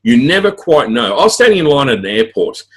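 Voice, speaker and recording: A middle-aged man with an Australian accent, an author chatting as a guest in an interview, rambling quickly through stories with many fillers and restarts. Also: mid-range voice, big pitch swings, a bit bright, husky. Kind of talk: casual interview chat.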